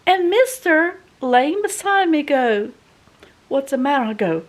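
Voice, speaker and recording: A woman's voice: high voice, measured pace. A woman vlogger, telling a folksy home story to the camera in a chatty way. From American South. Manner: chatty, folksy, animated when retelling. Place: home in a doublewide.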